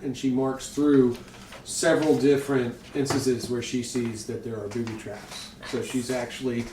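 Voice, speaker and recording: A man narrating as game master, relaxed and rambling with fillers. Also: medium pitch, normal speed, background noise. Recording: echoey room, mic far off.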